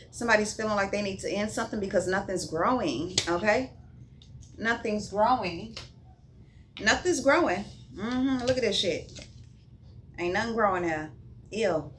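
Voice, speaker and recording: A woman talks through a tarot spread in a loose, casual way, swearing often and humming or singing little asides. Her pitch sits in the middle. A clear hiss of noise runs under her voice. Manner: blunt, profane, sing-song asides. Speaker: tarot reader.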